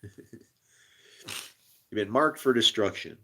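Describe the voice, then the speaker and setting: A man's voice: fairly low pitch, expressive, slow pace, a bit bright, slightly rough. A man on a rambling live stream, exasperated, swearing and laughing as he talks to his viewers. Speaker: streamer studying scripture.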